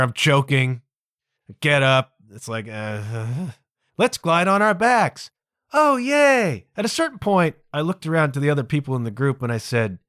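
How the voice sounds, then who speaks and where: A man's voice: medium pitch, dry recording, clean studio sound. A man in his fifties hosting a podcast, telling a funny story against himself with exasperation. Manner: self-deprecating, animated, exasperated. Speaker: podcast host. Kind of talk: comedic storytelling monologue.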